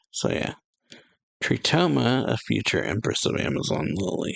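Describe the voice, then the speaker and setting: A man hosting a reaction channel, casually reading a manga chapter aloud in a relaxed, halting way full of "yeah" fillers. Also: medium pitch, vocal fry, no room sound. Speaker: anime reaction channel host.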